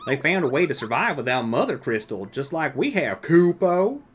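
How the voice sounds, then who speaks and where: A man's voice: a little high, sing-song, moderate pace, breathy edge, voice pushed up. A man voicing a small, bold male moogle creature from a video game, reading its lines in a sing-song put-on voice. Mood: chirpy.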